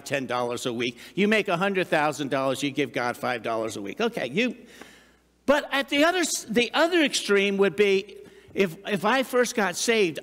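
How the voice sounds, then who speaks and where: A middle-aged man preaching a sermon, chatty and animated, with asides and questions to the congregation. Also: high voice. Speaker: pastor. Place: church sanctuary. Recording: long reverb of a large hall.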